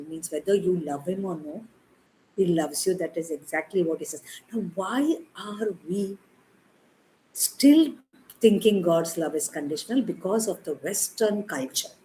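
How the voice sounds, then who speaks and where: A woman's voice: fairly low pitch, darkish tone, slight background noise, poor audio. Emphatic Indian woman preaching. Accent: Indian English. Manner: emphatic, repeats words for stress; acts out her prayers to God. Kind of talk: sermon.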